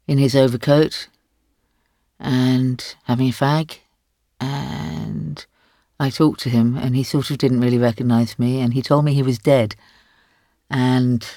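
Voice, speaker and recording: A woman in her sixties, a guest author in a podcast interview, telling stories in a wry, lively way with frequent laughs. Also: a bass voice, no room sound, studio quality.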